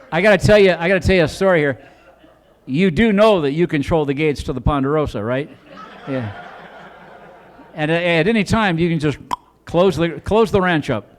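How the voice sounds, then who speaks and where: A man doing a stand-up comedy set in a club, telling rambling stories and chatting with the audience, now and then jumping into loud put-on voices. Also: on the high side.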